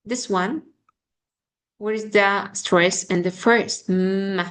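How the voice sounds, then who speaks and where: A young woman teaching an online English pronunciation lesson. She halts often with fillers and slowly repeats words as models. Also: medium pitch, fairly even intonation, a bit bright.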